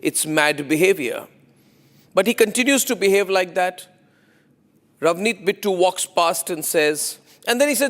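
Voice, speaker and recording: A man's voice: a little high, moderate pace, fairly bright tone. A male news anchor delivering an emphatic, opinionated monologue full of repetition and rhetorical questions.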